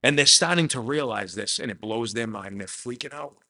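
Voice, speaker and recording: A man preaching a sermon, telling a Bible story with animated swings from hushed to loud, often adding "man". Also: medium pitch, a little fast. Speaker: pastor.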